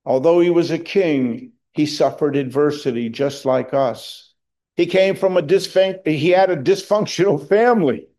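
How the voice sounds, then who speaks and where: Slow, mellow-voiced pastor preaching. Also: male voice, on the high side. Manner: slow, earnest preaching with emphatic rises on quoted verses. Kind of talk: sermon.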